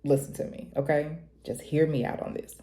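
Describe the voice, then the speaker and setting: A young woman, talking to camera in a casual, preachy, animated way and laughing often. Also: fairly quick, slight background noise. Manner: animated, preachy, laughs often, jumps high when quoting herself. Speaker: vlogger. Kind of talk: casual confessional talk to camera.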